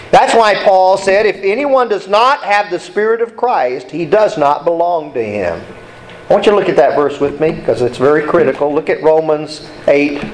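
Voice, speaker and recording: Man, high voice, preaching, emphatic, repeats points for the congregation. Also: slight background noise, poor audio. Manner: emphatic, repeats key points, asks the congregation to read along. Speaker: pastor. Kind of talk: sermon.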